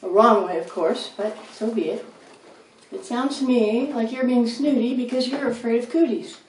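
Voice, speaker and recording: A woman's voice: a little high, moderate pace, close to an everyday voice. A woman reading as a patient, friendly red rat. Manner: gently explaining, coaxing. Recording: roomy, distant, faint noise.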